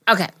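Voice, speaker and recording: A young woman co-hosting a casual podcast, reading listener emails aloud, emotional and quick to laugh. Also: pushed and bright, no room sound, studio quality. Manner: emotional, laughs easily, gushing. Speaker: podcast co-host.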